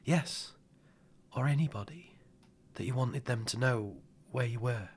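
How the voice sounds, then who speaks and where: A small, frightened boy speaks timidly, his voice lifted well above the man voicing him's own low register. He often drops to a weak whisper. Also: a little slow, husky. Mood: anxious.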